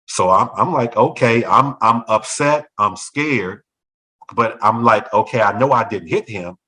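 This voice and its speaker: Animated storytelling man. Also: fairly low pitch, measured pace, rough recording. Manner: animated, acts out other people's voices in quotes. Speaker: former school principal. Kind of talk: storytelling in a talk show conversation.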